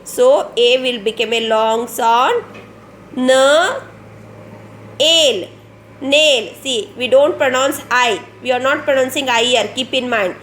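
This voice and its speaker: A woman's voice: on the high side, unhurried, hardly any pauses, fairly bright tone, a little hiss or hum. A woman teacher with an Indian English accent giving an online phonics lesson to young children, spelling words out letter by letter and repeating them patiently. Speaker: kindergarten teacher.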